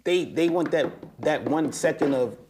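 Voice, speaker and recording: Male guest, loose street talk, animated storyteller, voice spikes up when excited. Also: moderate pace, background noise. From United States. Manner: animated storytelling, slangy and profane, voice rising high when excited. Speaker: interview guest. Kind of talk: casual conversation.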